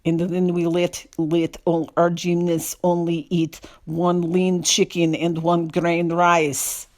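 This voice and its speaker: A woman putting on a slow, heavily accented Eastern European voice for a stern gymnastics coach. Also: on the low side, monotone, a little mellow. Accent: Eastern European (put on).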